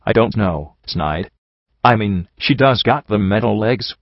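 A man voicing a big, scarred, dim-witted pony stallion thug who talks slowly and hesitantly. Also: lowish voice, animated, no room sound. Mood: dopey. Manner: slow, hesitant, simple-minded. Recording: dull lo-fi recording.

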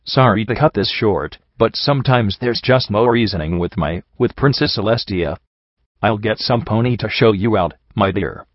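Man doing a fake-nice pony courtier lady, low voice, dull dry audio. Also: normal speed, no room sound, natural voice. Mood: smooth. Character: two-faced female pony courtier, sweet then scornful.

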